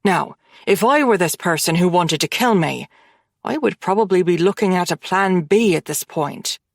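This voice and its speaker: A woman voicing a cold, dangerous mafia man who speaks calmly and conversationally, with quiet menace in an audiobook. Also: on the low side, normal speed, gravelly, no echo, studio quality. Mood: coldly persuasive. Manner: calm, conversational, quietly threatening.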